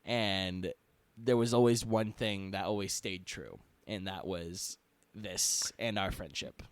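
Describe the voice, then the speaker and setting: A young man co-hosting a casual podcast, lively and halting, with many restarts. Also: sits low, dry recording. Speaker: podcast co-host. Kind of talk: casual chat.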